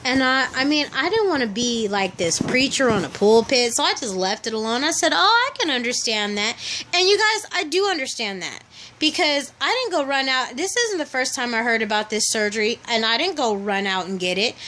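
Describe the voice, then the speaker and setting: A young woman vlogger talks straight into her camera in a high, bright voice. She chats casually and animatedly, slipping into the voices of the people in her stories. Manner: chatty, animated storytelling, acts out quoted people.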